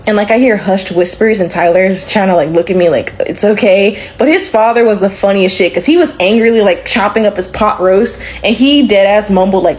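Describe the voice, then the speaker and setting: Young woman telling a story, lively, does voices, regular pitch. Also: a little fast. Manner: animated, swings into character voices. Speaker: storyteller in a short clip. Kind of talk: casual storytelling.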